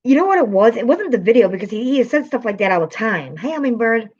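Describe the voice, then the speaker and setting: An upset woman vents to her live chat on a lo-fi stream, emotional and swearing while greeting viewers by name. Her voice is fairly high and husky, and she talks fast and very animatedly.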